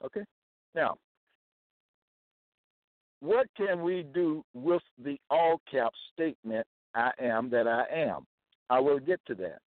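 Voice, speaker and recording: A man's voice: mid-range voice, expressive, takes it slowly, pauses often, no echo, narrow, tinny audio. A man giving a Bible teaching, emphatic and repetitive, often checking that listeners follow. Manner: emphatic, repeats key phrases, checks in with listeners. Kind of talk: slow Bible teaching to camera.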